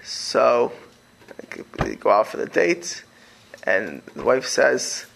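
A man's voice: mid-range voice, wildly swooping pitch, takes it slowly, gravelly, noisy background. A man talking casually and animatedly, rambling through many fillers and restarts. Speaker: speaker. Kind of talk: casual talk on religious community life.

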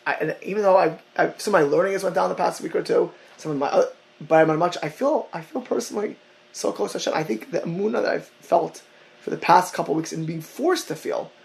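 Gravelly high-pitched man giving a halting Torah class. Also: low-quality recording. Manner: halting, repeats words, mixes Hebrew and Yiddish terms. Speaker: rabbi teaching a class.

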